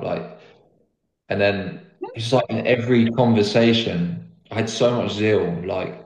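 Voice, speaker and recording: A man's voice: low-pitched, steady tone, measured pace, darkish tone. A young man telling the story of his faith as an interview guest, earnest and rambling, with lots of "like" fillers. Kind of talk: casual conversational testimony. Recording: roomy echo.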